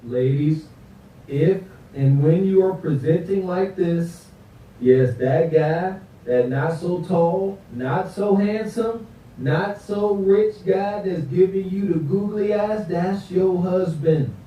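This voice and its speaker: High dark-toned man giving blunt advice. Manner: preachy advice, fast bursts. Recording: echoey, distant, muffled, faint noise.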